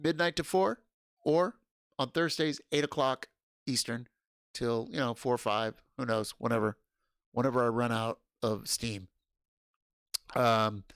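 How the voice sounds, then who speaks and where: A man hosting a casual livestream, loud and excitable, swearing and laughing often. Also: mid-range voice, smooth, no echo, clean studio sound. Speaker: livestream host.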